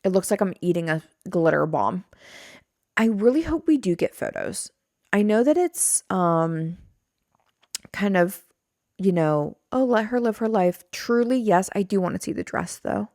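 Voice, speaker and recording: A woman's voice: on the low side, lively intonation, a little slow, a little mellow, no echo, studio quality. A young woman hosting a solo podcast, rambling casually and self-deprecating, swearing now and then. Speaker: podcast host. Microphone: studio mic on a stand.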